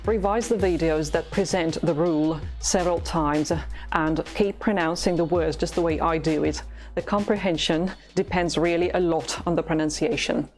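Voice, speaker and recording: A woman from Russia with a Russian accent, teaching pronunciation patiently and slowly, with drills to repeat. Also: fairly low pitch, steady tone, darkish tone, faint music behind. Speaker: language teacher. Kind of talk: slow, careful pronunciation lesson.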